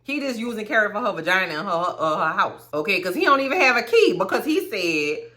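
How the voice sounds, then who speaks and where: A young woman recapping a TV episode in casual, profane, animated chat. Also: medium pitch, fairly quick. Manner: animated, profane, sassy storytelling. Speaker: commentary host.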